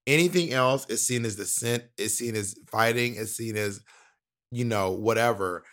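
A man's voice: medium pitch, moderate pace, fairly bright tone. A man co-hosting a podcast as a drag performer, talking frankly and matter-of-factly in casual chat. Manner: frank, matter-of-fact advice giver.

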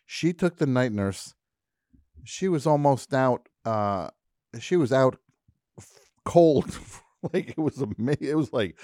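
A man's voice: mid-range voice, lively intonation, slow, darkish tone, dry recording, clean studio sound. A man hosting a radio show, chatting casually and telling a story, breaking into silly put-on voices and accents as he goes. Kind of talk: casual studio chat. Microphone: studio microphone.

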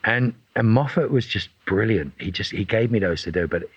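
A man, an actor being interviewed, telling animated stories and acting out what people said. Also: on the low side, moderate pace, husky, no echo, dull audio. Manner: animated, acts out quotes in voices. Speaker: actor guest. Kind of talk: casual interview storytelling.

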